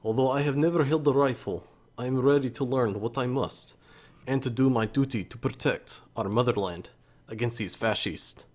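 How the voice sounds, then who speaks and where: A man's voice: medium pitch, normal speed, a little mellow, pitched above the performer's own voice, lightly acted. A man reading a young Soviet recruit's letter aloud in a mock-solemn put-on voice.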